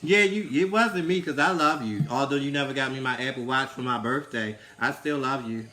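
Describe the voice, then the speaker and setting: A man's voice: mid-range voice, a little fast, soft background music. A young man with a Baltimore accent, co-hosting a casual livestream chat and teasing his co-host. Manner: sassy, teasing, loud bursts of laughter.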